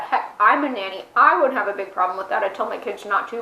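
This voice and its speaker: A woman's voice: medium pitch, quick pace, few pauses, pushed and bright, echoey room, rough recording. A woman vlogging casually to an action camera at home, chatty and self-mocking, rambling as she talks. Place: indoors at home, with her dog nearby. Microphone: camera mic, fisheye action camera.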